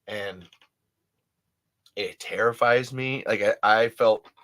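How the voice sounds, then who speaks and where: A man in his thirties hosts a casual livestream, rambling emphatically with many restarts and frequent swearing. His voice is fairly low and slow, with a fairly bright tone.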